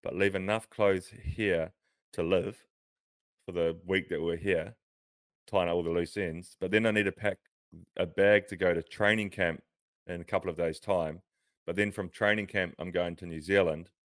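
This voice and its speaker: A man's voice: low voice, no echo, studio quality. A man co-hosting a podcast in casual chat, rambling and laughing often, talking from a near-empty house while sitting on a bed. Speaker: podcast co-host, pro cyclist.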